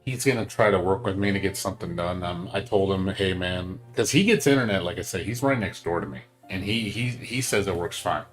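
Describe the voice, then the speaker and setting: Man, game streamer, casual chat, ranting, heavy swearing, low-pitched, faint music behind. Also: fairly quick, hardly any pauses. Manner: ranting, swears a lot, lots of fillers.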